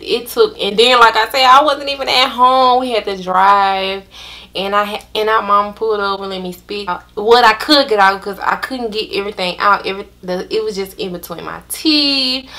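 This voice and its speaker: A young woman, telling a storytime to her viewers in an animated, drawn-out way. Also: mid-range voice. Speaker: vlogger. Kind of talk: casual storytime chat.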